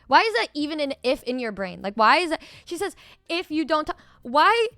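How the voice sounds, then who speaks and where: A woman's voice: high voice, big pitch swings, a little fast, pushed and bright, no room sound, studio quality. A woman chatting casually, blunt and exasperated, swearing often as she rants. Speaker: streamer. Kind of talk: casual chat.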